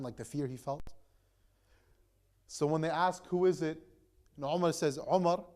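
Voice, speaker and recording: A man's voice: on the high side, a little mellow. A young man in the role of an imam, telling a story in a casual sermon with frequent "right?" and "like" fillers. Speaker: imam giving a talk.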